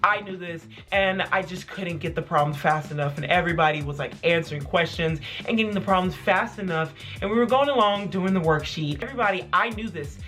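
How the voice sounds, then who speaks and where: A young adult vlogger telling childhood stories in casual, animated chat, full of "like". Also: mid-range voice, brisk, few pauses, soft background music. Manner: animated, filler-heavy with frequent "like". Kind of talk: casual storytelling to camera.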